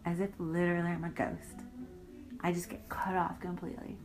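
A woman's voice: fairly low pitch, level tone, a little fast, over music, rough recording. A woman in an interview, bluntly recounting a personal story with heavy profanity and indignant emphasis.

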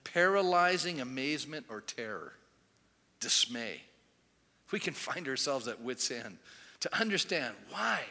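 Male pastor, animated storyteller, forceful bright tone, long hall reverb. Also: mid-range voice, unhurried. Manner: animated storytelling, acting out quoted voices. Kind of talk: sermon.

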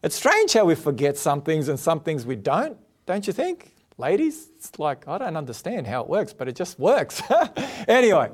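A middle-aged man preaching a sermon, his voice pitched high for a man. He tells stories with animated jumps in pitch, then settles into a steady preaching tone. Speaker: pastor. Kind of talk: sermon with personal story.

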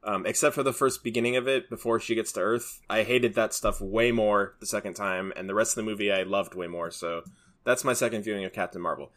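This podcast co-host speaks fairly quickly in a lowish, steady, slightly bright voice. In a relaxed chat, he rambles, restarting sentences and leaning on fillers.

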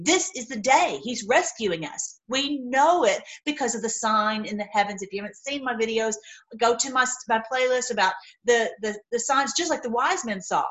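Woman, Bible teacher, chatty and rambling, slightly high voice, acts out quotes. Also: a bit bright, rough recording.

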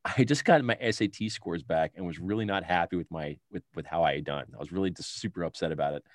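A middle-aged man in a casual film chat, animated and laughing often as he retells scenes. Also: sits low, fast, no echo, studio quality.

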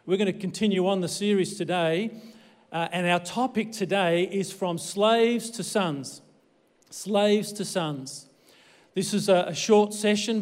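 A man's voice: sits high, darkish tone, big-room sound. An Australian man preaching a livestreamed sermon as a pastor, with a jokey, self-deprecating manner.

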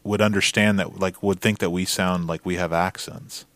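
A man from Louisiana co-hosting a podcast, animated and opinionated in casual chat, swearing now and then. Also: sits low, normal speed, dry recording. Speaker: podcast co-host.

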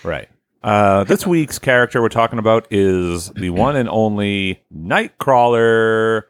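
A man's voice: lowish voice, lively intonation, unhurried, clean tone, no echo. A man hosting a podcast, talking in a loose, rambling, conversational way. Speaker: podcast host. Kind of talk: casual chat.

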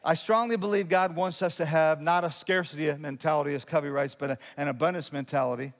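Animated preacher with a bright, high voice. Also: male voice, quick pace. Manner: animated preaching, swinging from loud emphatic lines to quiet asides; humorous asides to the congregation. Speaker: pastor. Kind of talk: sermon. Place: church sanctuary. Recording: long hall reverb of a church sanctuary.

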